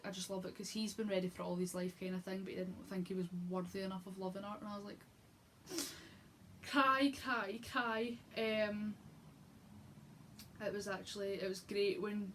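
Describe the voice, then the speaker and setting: A woman's voice: mid-range voice, slight background noise. Gushing chatty young woman. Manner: gushing and chatty, full of fillers and restarts. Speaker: book vlogger. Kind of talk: casual book review.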